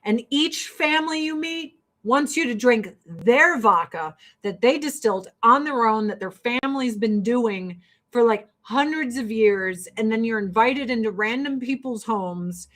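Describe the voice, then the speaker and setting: Profane, animated American woman vlogger. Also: on the high side, a little slow, hardly any pauses. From United States. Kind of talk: casual chat while getting ready.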